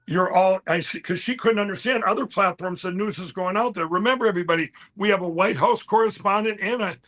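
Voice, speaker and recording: A man with a high voice tells a story as an interview guest. His tone is bright and forceful, and he rambles animatedly, breaking off to quote others and restarting his sentences. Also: brisk.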